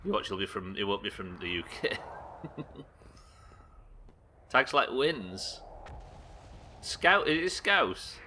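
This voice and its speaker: A man's voice: fairly low pitch, very animated, slow, long pauses, sharp tone, slight background noise. Rambling, swearing streamer man from the UK. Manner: rambling and self-deprecating, swears casually, reads chat aloud. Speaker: game streamer. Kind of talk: live gameplay commentary chatting with viewers.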